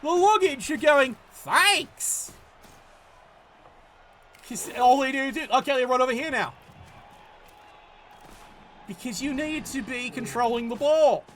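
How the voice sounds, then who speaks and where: A man's voice: extremely high pitch, fairly quick, hardly any pauses, a little hiss or hum. A man giving live play-by-play commentary on a game, profane and exasperated, scolding the players.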